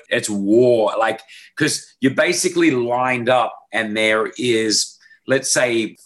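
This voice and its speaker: A middle-aged Australian man with an Australian accent, a radio host telling loud, animated stories in a casual interview. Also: medium pitch. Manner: loud, animated anecdotes with many restarts.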